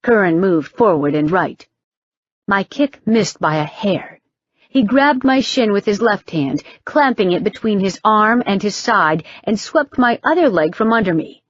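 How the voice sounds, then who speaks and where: A woman reads a first-person novel aloud with wry, brisk storytelling. Her pace is slow and measured. The recording is dry and slightly dull. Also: medium pitch, animated, no room sound. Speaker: audiobook narrator. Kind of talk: first-person fiction narration.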